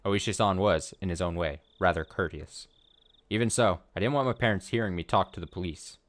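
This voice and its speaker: Excitable low-voiced man reading a game. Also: brisk. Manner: excitable, paranoid rambling between read lines. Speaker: let's play host reading a visual novel aloud. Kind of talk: casual let's play commentary and reading.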